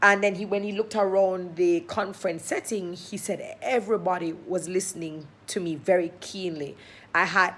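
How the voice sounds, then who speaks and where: A young woman with a Jamaican accent, hosting and telling a personal story in a casual, animated way, acting out her thoughts and other people's lines. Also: medium pitch. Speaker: host.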